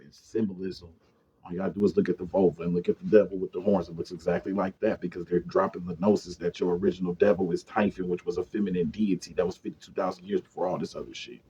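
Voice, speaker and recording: A man giving a casual, profane monologue on esoteric topics, swinging between loud rants and muttered asides. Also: low-pitched, breathy edge. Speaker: esoteric lecturer. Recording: dull lo-fi sound.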